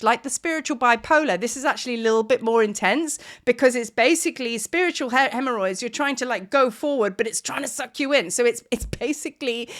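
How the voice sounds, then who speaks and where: A woman, giving a casual, animated spiritual energy talk as a teacher, laughing now and then. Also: on the high side. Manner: chatty, animated, often asks "do you know what I mean".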